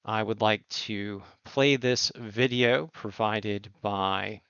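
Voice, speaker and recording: A man hosting a surf and climate report, speaking in earnest, emphatic commentary with deliberate phrasing. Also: fairly low pitch, steady tone, fairly bright tone, clear, resonant tone, dry recording. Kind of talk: impassioned spoken commentary. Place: Outer Banks coast. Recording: dull lo-fi recording.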